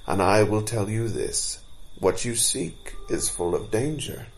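A man's voice: lowish voice, unhurried, lightly acted, low-quality recording. A man voicing a mighty male deer god of the forest in a storybook reading, with a commanding, solemn manner.

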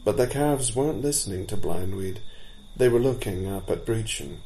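A man narrating a storybook in a measured, expressive way. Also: on the low side.

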